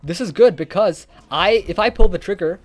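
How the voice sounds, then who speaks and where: A man's voice: high-pitched, moderate pace, no echo, pitched above the performer's own voice. A man voicing a country as a blustering, boastful character in a casual history retelling. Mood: scheming. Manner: boastful, exclaiming. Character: blustering nation in a cartoonish standoff.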